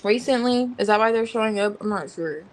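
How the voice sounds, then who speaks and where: Rambling through a tarot reading, a woman talks informally and slangily, thinking out loud as she names each card. She has a medium-pitched voice, speaks fairly quickly, and the recording is rough.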